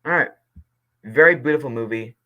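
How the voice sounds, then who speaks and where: A young man reading movie reviews aloud in a casual vlog, passionate and quick to get indignant, then apologizing. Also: medium pitch, phone-quality sound.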